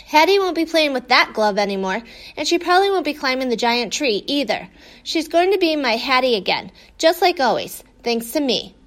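A woman voicing an eager, boastful young male dog in a storybook, excited and bouncy. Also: sits high, normal speed.

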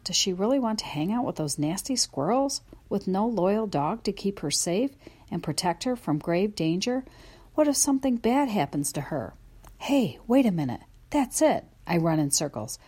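A woman's voice: fairly low pitch, breathy edge. A woman narrating a children's story in a first-person voice, telling it expressively. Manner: expressive, lively storytelling from a dog's view. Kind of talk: audiobook narration.

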